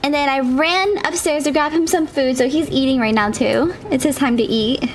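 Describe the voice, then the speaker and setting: A woman's voice: high-pitched, normal speed, slight background noise. A woman game streamer chatting casually with her viewers, bubbly and chatty, laughing often.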